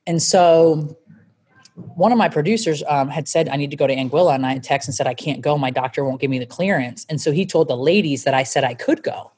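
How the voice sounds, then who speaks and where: A woman's voice: sits low, fairly quick, a little mellow, husky. A woman in her forties, an interview guest, telling her story candidly and bluntly, swearing freely.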